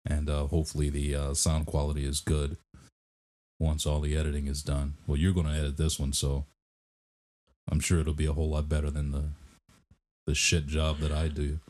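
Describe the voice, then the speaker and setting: Very deep-voiced man hosting a home podcast. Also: monotone, normal speed, darkish tone. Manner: rambling, jokey, many fillers. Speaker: podcast host. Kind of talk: casual chat. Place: home office.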